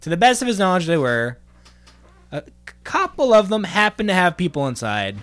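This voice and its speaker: A man's voice: sits high, sing-song, normal speed, fairly bright tone. A man playing a smarmy, awkward male gallery curator in an improvised comedy, rambling and flustered. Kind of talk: improvised comedy role-play.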